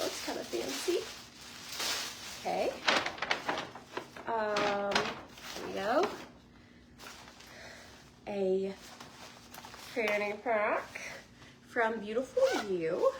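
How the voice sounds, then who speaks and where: A woman in her forties chatting casually to camera as a lifestyle vlogger, bubbly and chatty with lots of likes and ums. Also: on the high side. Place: hotel room in Las Vegas. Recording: noticeable background noise.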